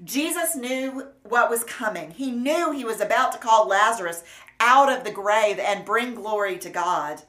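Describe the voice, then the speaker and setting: A woman preacher delivering a sermon in an earnest, measured and gently emphatic way. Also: fairly high pitch, animated. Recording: roomy echo.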